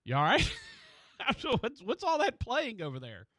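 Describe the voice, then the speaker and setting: A man hosting a sports radio show in a studio, chatting casually and excitedly about college basketball. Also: very high-pitched, unhurried, no room sound.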